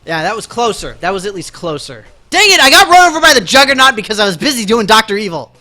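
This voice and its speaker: A man's voice: sits high, very animated, fast, sharp tone, soft background music. A man live-streaming a video game, chatting casually and mocking himself to his viewers while he plays.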